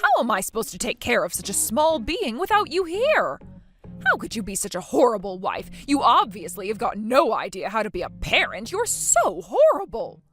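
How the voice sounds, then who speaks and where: Synthetic woman as an outraged scolding friend, high and lively, soft music under. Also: moderate pace. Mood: accusing. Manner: scolding, demanding questions. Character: indignant woman friend, accusing and shrill.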